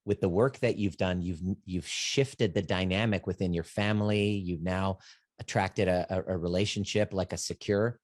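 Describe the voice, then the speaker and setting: A man hosting a podcast, interviewing a client in a calm, reflective, affirming way. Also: low voice, moderate pace, no echo, clean studio sound. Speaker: podcast host and coach. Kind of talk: interview and promo outro.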